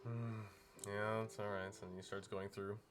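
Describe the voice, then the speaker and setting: A man narrates a tabletop game as its game master. His voice sits a little low, and his descriptions ramble along loosely with plenty of fillers. Soft music plays faintly behind him. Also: flat delivery, unhurried.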